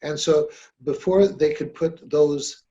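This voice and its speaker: A man's voice: a little high, steady tone, slow pace, dark tone, muffled recording. A man hosting a podcast about hypnosis, talking in a friendly, rambling way with many fillers. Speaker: podcast host and hypnosis trainer. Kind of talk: casual podcast chat.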